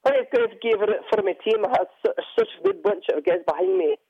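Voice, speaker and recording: A man voicing a whiny, high-voiced young male racer in a put-on Scottish accent. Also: sing-song, fast, vocal fry, slightly rough, muffled recording, full character voice. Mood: gushing. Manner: whiny, sing-song.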